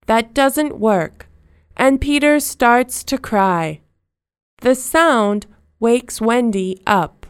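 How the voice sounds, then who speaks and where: A woman narrating a children's storybook in simple, slow, clearly spoken sentences. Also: fairly high pitch, no room sound, studio quality.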